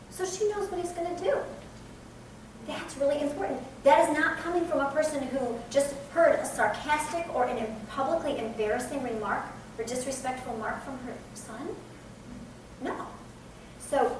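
A woman in her forties with an American accent, giving a conversational Bible teaching in an earnest tone. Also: high voice. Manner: earnest, conversational, laughs at herself. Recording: echoey room from a distance, faint background noise.

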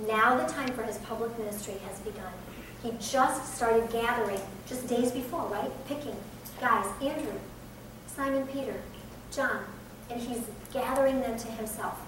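A woman's voice: a little high, moderate pace. A woman in her forties with an American accent, giving a conversational Bible teaching in an earnest tone. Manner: earnest, conversational, laughs at herself. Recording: echoey room from a distance, faint background noise.

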